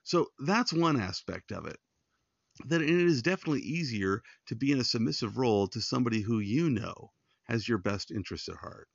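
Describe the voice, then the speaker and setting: A man's voice: mid-range voice, lively intonation, a little fast, creaky, no echo, dull audio. A man hosting a devotional podcast, giving earnest, conversational Bible teaching straight to his listeners. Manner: earnest, pastoral, addresses listeners directly.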